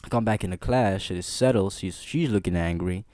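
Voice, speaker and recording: A man spins a childhood story in loose, slangy chat, laughing as he goes and checking in with his listeners. His voice sits on the low side. It is recorded close and dry, with almost no room sound. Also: fairly quick, no room sound. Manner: animated, laughing, slangy, frequent "bro" and "see what I'm saying". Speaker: vlogger. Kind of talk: casual storytelling.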